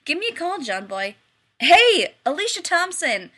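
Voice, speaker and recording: A woman's voice: high voice, very animated, normal speed, pushed and bright, pitched above the performer's own voice, heavily acted. A woman voicing a cheeky, upbeat young man who teases everyone in an audiobook reading. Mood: breezy. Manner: upbeat and teasing. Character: cheeky breezy young man, fake psychic.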